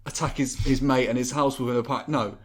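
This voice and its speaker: A man's voice: medium pitch, steady tone, fairly quick. A young man co-hosting a podcast, chatting enthusiastically and casually, with the odd swear. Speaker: podcast co-host. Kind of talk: casual chat recapping wrestling.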